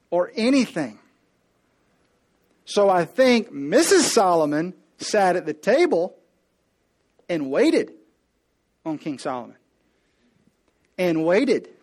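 A preacher man with a high voice tells the story with playful humor. He slips into the characters as he goes and speaks right to the congregation. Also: a little mellow. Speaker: pastor. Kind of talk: comedic sermon storytelling.

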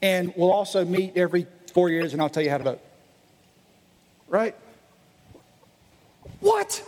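High-voiced pastor preaching in an echoey gym. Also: male voice, a little hiss or hum. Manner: animated, acts out voices of listeners. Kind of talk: sermon. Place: church meeting in a gym. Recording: echoey hall.

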